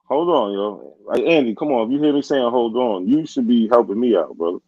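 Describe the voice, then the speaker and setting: A man's voice: medium pitch, brisk, no echo. A man moderates a rowdy online debate and firmly tries to restore order. His voice sounds dry and close, with no room around it. The audio is dull and lo-fi. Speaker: host and moderator.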